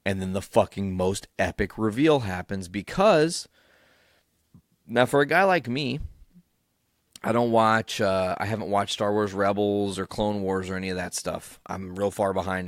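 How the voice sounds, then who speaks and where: A young man hosting a podcast alone, recapping excitedly, rambling and swearing freely. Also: lowish voice, normal speed, dry recording, clean studio sound. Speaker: podcast host. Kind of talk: casual solo recap.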